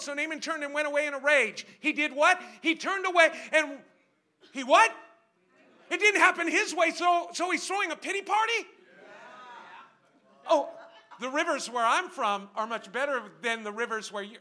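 A man delivering a sermon with a strikingly high voice. His tone is sharp and piercing, and he swings from quiet, muttered asides to shouted, stretched-out calls to the congregation, repeating phrases and throwing questions at the crowd. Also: moderate pace. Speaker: guest preacher.

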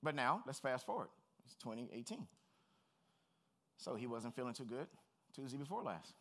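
A man's voice: medium pitch, sing-song, normal speed, fairly bright tone. A middle-aged man preaching a sermon as pastor, earnest, personal and plain-spoken.

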